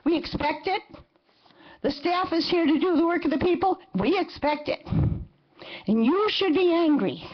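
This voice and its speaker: Indignant high-voiced woman in her seventies. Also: dull audio. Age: 70s. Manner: indignant, emphatic, repeats phrases for force. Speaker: resident giving public comment. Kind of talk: impassioned public comment at a council meeting.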